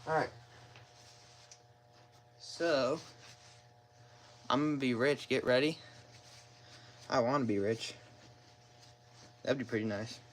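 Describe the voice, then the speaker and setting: Guy in his garage fixing an engine, slow easygoing talk, rambles and jokes at himself, phone mic, faint shop hum. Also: mid-range voice, poor audio. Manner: rambling, self-deprecating, talks to himself while working. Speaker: car mechanic vlogger. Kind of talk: casual how-to narration while working. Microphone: phone propped nearby.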